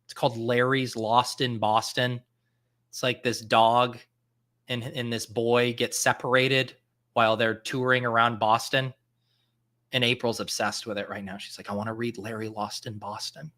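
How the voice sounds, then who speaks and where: A man's voice: medium pitch, little pitch movement, measured pace, bright, forceful tone. A man in his thirties hosting a live stream in casual chat, thinking aloud with lots of fillers and restarts. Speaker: fantasy football podcast host.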